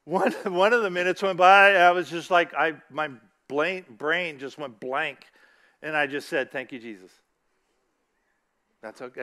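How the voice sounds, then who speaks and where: A man's voice: a little high, bright, forceful tone. A middle-aged man giving a casual sermon, chatty, asking the audience questions and reciting scripture. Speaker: church speaker.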